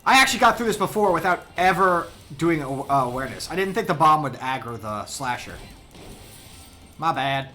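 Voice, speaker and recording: A man's voice: on the high side, animated, normal speed, pushed and bright, faint music behind. A man streaming a game, giving chatty, self-deprecating live commentary and laughing at his mistakes.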